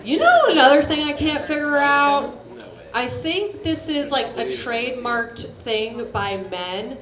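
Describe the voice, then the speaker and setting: A woman's voice: high-pitched, lively intonation, measured pace. A woman doing a stand-up comedy set, talking in a brash, chatty, profane way and laughing at her own jokes. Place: comedy venue at a coffee shop. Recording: roomy live stage recording with crowd. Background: audience laughter.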